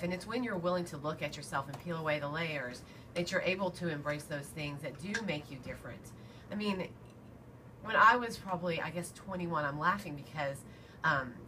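A woman's voice: low voice, sharp tone, slight background noise. A woman co-hosting a radio talk show, telling a reflective personal story.

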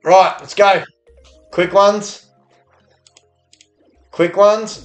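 Australian male slots streamer with a high voice; profane, excitable live commentary over faint game music. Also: very slow, long pauses. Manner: profane, excitable, cheers at the screen.

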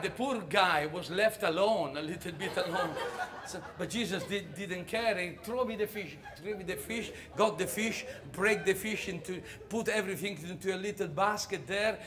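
A man telling a comic story on stage, animated and halting, often laughing as he goes. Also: high-pitched. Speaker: stage performer.

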